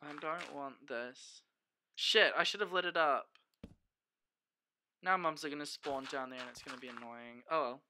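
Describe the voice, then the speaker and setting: A young male streamer with a sharp, bright tone and a gravelly, fry-laden edge gives casual gameplay commentary. He chats to his viewers and mutters to himself, swearing freely, and breaks into sudden loud exclamations. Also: a little high, normal speed, pauses often, a little hiss or hum. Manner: chatty, sweary, bursts of excited exclamations; talks to the chat and himself as he plays.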